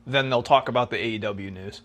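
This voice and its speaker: A man's voice: medium pitch, quick pace, a bit bright. A young man co-hosting a casual podcast, who explains things at length and hedges with fillers. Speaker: podcast co-host.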